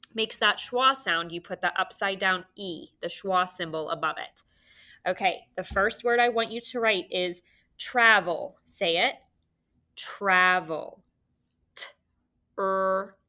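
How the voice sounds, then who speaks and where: Slow, bright-voiced phonics teacher woman. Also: mid-range voice. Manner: slow, clear, encouraging instruction. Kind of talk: phonics lesson for young children.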